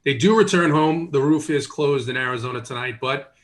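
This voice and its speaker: A man giving measured, dry analysis of baseball pitching matchups. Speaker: sports analyst. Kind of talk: casual sports analysis.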